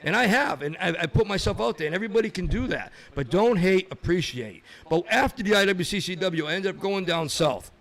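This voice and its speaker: A man's voice: sits high, quick pace, hardly any pauses. A middle-aged man from Massachusetts, a podcast guest telling stories in casual chat, acting out the voices of other people. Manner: animated storyteller, acts out other people's voices.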